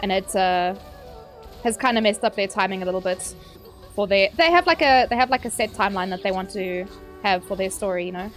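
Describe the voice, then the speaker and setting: A young woman streams a game, chatting casually, ranting, and yelping suddenly at the action. Her mid-range voice is expressive and fairly quick, with soft music playing in the background.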